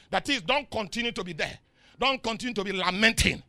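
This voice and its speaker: Gravelly, bright-voiced Nigerian pastor preaching. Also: male voice, high voice, brisk, no room sound, studio quality. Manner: call-and-response preaching, swings between soft asides and shouting; chuckles often mid-sentence. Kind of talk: sermon.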